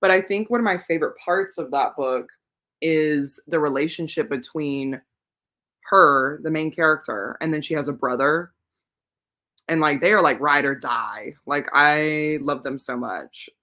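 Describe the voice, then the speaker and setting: Answering her viewers' comments on a casual livestream, this woman speaks in a low, bright, forceful voice without hurrying. She rambles, thinks out loud and leans on plenty of fillers.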